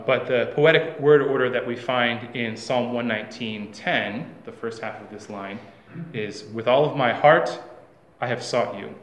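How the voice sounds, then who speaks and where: A man giving a classroom lecture, halting, with many fillers and restarts. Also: medium pitch, fairly bright tone, echoey room.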